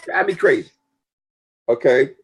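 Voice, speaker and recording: A man talking casually and emphatically about business conduct, preachy and full of lively storytelling. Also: medium pitch, a little slow, slightly rough. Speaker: network marketing talk show guest. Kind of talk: casual motivational talk.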